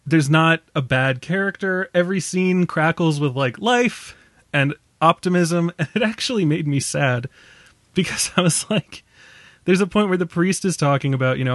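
A man's voice: fairly high pitch, animated, normal speed, fairly bright tone, no room sound. Enthusiastic young man, laughing often. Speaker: film podcast co-host. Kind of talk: casual chat.

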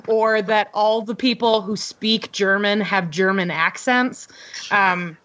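A woman co-hosting a casual movie podcast, animated and amused, stretching words for emphasis. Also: medium pitch, slow pace. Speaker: podcast co-host. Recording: slightly dull lo-fi audio.

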